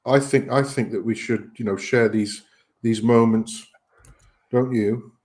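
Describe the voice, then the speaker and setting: A man's voice: medium pitch, steady tone, measured pace, darkish tone. A man hosting a laid-back stream with a mid-range voice. He rambles through stories with plenty of ums and you-knows, swears freely, and laughs at his own jokes. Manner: swearing, laughing, hesitant with many fillers. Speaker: host. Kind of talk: casual chat, joke telling.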